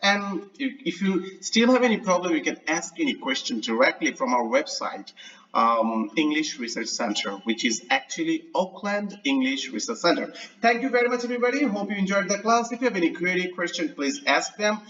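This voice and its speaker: High-voiced man teaching grammar, distant mic. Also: very animated, a bit bright, dull audio. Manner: chatty, checks in often with "right?"; drawn-out, hesitant fillers. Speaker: English lecturer. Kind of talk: online grammar lesson.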